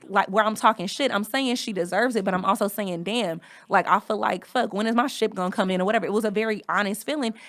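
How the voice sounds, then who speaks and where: A woman's voice: mid-range voice, fairly bright tone. A woman hosting a podcast, talking candidly and frankly in casual speech. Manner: frank, conversational, reading from notes. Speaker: podcast host. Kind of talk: candid personal monologue.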